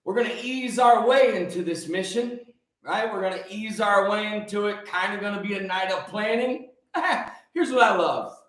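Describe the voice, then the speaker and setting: A man in his forties hosting a livestream, greeting viewers by name and talking in an excitable, preachy way, repeating phrases for emphasis. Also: sits high, normal speed. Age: 40s. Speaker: livestream host. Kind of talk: energetic livestream talk. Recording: very echoey room.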